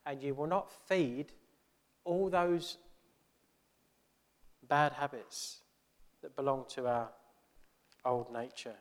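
Earnest preacher in a ringing church. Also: male voice, medium pitch, steady tone, slow, pauses often, in a large hall. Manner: conversational, earnest, asks rhetorical questions. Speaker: pastor. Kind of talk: sermon.

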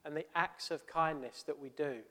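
A man's voice: a little high, steady tone, moderate pace, bright, forceful tone, long reverb tail. A male pastor preaching a sermon in a church, earnest and conversational, with many rhetorical questions.

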